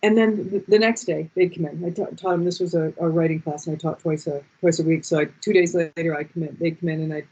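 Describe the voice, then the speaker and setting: A woman telling personal stories in a chatty, animated way on a video call, with dull lo-fi audio. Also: deep voice. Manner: chatty and animated, quick restarts. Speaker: guest speaker. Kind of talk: casual storytelling on a video call.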